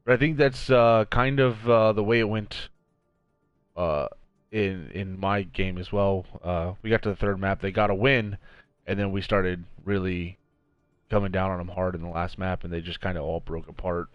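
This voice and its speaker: A man's voice: low-pitched, fairly even intonation, moderate pace, clear, resonant tone, no echo, muffled recording, soft background music. Laid-back male esports caster, dry mic. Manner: laid-back, chuckles often. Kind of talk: casual game commentary.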